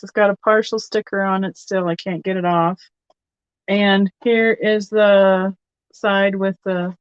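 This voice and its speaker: A woman with a medium-pitched voice runs a live online vintage sale, chatting casually and thinking out loud while she shows off pieces and takes bids. The audio is dry, slightly dull and lo-fi.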